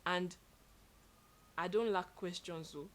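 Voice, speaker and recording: A young woman telling stories in a casual chat with her partner, expressive and animated, laughing as she goes. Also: lowish voice, slow pace. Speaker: co-host.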